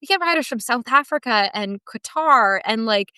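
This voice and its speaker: A woman speaks on a podcast with a smooth, resonant voice. She tells heartfelt, rambling stories, restarting her sentences as she goes. The recording is close and dry. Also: a little high, expressive, normal speed, bright, forceful tone, no room sound. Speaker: guest, team member of a dressage education business. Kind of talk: casual podcast interview storytelling.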